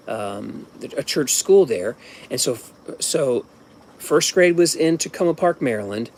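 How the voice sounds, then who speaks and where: A man's voice: medium pitch, a little hiss or hum. A man in his fifties from Ohio telling a personal story at home in a casual, rambling way, often restarting and adding asides. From Ohio, USA. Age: 50s.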